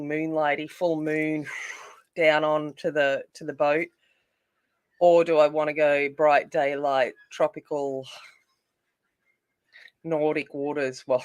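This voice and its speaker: Chatty Australian woman streaming her colouring. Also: deep voice. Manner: chatty, greets viewers by name, thinks aloud. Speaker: adult colouring livestream host. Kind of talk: casual livestream chat.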